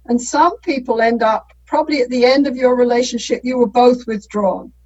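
Middle-aged woman therapist type, higher voice, dull muffled sound, talks it through with lots of "right?". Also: steady tone, moderate pace, a little mellow. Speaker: couples therapist. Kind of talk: conversational explaining.

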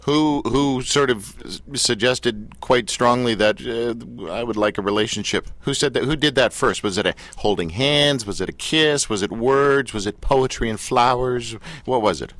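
A man hosting a talk show, asking questions in a playful, animated way. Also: mid-range voice, unhurried, few pauses, no echo.

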